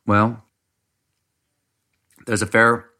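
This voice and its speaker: A middle-aged man from South Carolina with a bright, forceful voice that sits a little low. He tells stories in casual chat and acts out the people in them with a raised, animated voice. His Southern accent slips through. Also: drawn-out words. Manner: animated storyteller, mimics people in higher voice.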